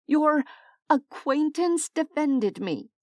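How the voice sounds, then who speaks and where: A woman voicing a frightened, defiant young woman who shouts in panic and disbelief. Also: sits high, very animated, slow, no room sound, voice pushed up, exaggerated voice. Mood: disbelieving.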